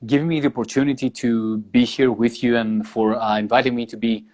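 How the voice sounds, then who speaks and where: A man's voice: medium pitch, steady tone, fairly quick, darkish tone. A man from Greece with a Greek accent, a guest guitarist speaking English in a casual interview, earnest and thankful, often restarting his sentences. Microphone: video call or live stream.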